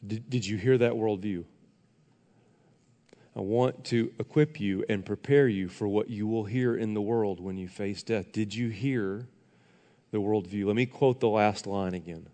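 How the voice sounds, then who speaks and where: A man's voice: lowish voice, measured pace, warm tone. Earnest preaching man, long hall reverb. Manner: earnest, emphatic preaching that addresses the congregation directly. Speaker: pastor. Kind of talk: sermon.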